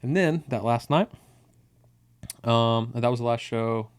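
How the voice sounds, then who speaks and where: A man's voice: mid-range voice, slow pace, clean tone. A young man co-hosting a podcast in casual chat, laid-back and rambling, swearing freely as he recounts things. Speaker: podcast co-host.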